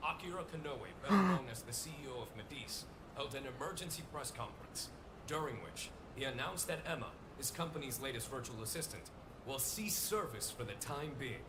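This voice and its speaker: An actor playing a TV news anchor in a video game, reading breaking news in an even delivery. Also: male voice, mid-range voice, fairly quick, natural voice, low-quality recording. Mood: neutral.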